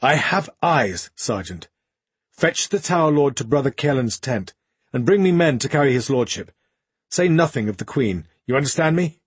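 A man voicing a hard, clipped army captain who speaks curtly and precisely in a husky voice. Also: mid-range voice, animated, moderate pace, no echo, voice pushed up. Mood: commanding. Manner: curt, commanding.

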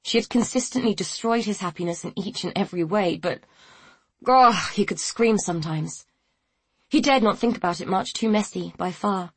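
A woman reading a novel aloud in a measured, even storytelling manner. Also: medium pitch, breathy edge, no echo. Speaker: audiobook narrator. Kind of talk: scripted narration.

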